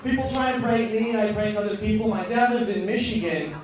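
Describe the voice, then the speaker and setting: High-voiced man doing stand-up in an echoey club. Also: brisk, crowd noise. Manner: rambling, repeats lines, bursts into shouted punchlines. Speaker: stand-up comedian. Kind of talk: stand-up routine. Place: comedy club stage. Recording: echoey club, distant mic, audience noise.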